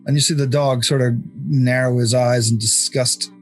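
A man's voice: medium pitch, fairly even intonation, soft background music. Laughing man running a tabletop game. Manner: chuckles often, halting narration. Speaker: game master.

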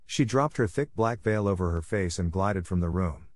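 A man narrates a classic detective story in a measured, steady way. His voice sits low, and the recording is dry and close. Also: no room sound. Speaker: audiobook narrator. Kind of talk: scripted narration.

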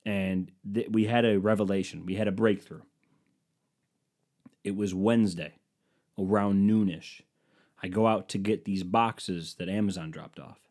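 In a low-pitched, slightly mellow voice with a steady tone, this twenty-something podcast host takes his time and pauses often. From home, he tells rambling, self-mocking stories peppered with swearing into a microphone hooked up to his computer, a casual comedic monologue.

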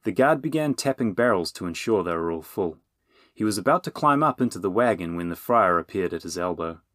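A man narrating a children's adventure audiobook in a steady, even reading voice, on a close mic. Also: low-pitched, brisk, no room sound. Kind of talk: scripted storybook narration.

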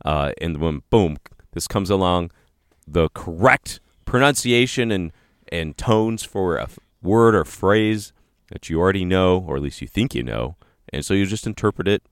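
Male co-host, very deep voice, rambling casual delivery, dry sound. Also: lively intonation, normal speed, smooth, dry recording. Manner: rambling, heavy on fillers like "you know" and "like". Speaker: podcast co-host. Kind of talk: casual chat.

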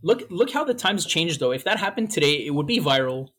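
A podcast co-host with a slightly high voice and a brisk pace retells old pranks in casual chat, laughing easily, relaxed, and swearing now and then.

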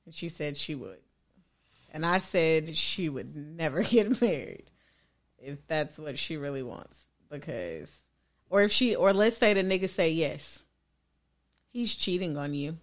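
A woman's voice: low-pitched, lively intonation, measured pace, pauses often. A young woman, arguing her point at length in a casual chat. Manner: argumentative, explains at length.

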